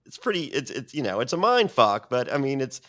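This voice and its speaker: A man's voice: mid-range voice, fairly quick. A man telling stories as a podcast guest, swearing often and rambling with restarts. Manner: profane, rambling, animated. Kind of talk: casual storytelling.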